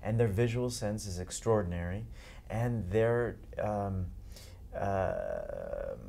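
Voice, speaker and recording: Male actor guest, lowish mellow voice, careful and measured, over faint room noise. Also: very animated, gravelly. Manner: measured, searching for words. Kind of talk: interview answer.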